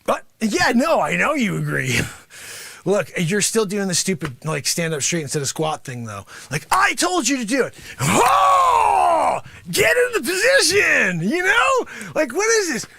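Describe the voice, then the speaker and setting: A man playing a brash, greedy male martial arts sensei in an improvised comedy bit, boasting and berating his students with loud shouted bursts. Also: high-pitched, huge pitch swings, normal speed, gravelly, no echo, pitched below the performer's own voice, exaggerated voice. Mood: boastful. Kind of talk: improvised comedy character monologue.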